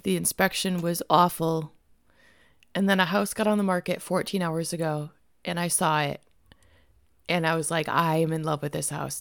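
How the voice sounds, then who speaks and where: A woman chatting on a podcast right after waking, her voice low with a gravelly fry. She rambles and giggles, swearing casually. The sound is close and dry. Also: no room sound. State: just woken up, morning voice. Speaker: podcast co-host. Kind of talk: casual chat.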